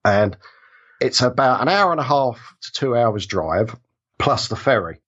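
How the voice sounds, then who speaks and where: A man's voice: mid-range voice, expressive, measured pace, fairly bright tone, slightly rough, muffled recording. A man with an English accent, a podcast guest joking his way through a mock trial, self-deprecating and hesitant with restarts. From England. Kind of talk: casual mock-trial banter.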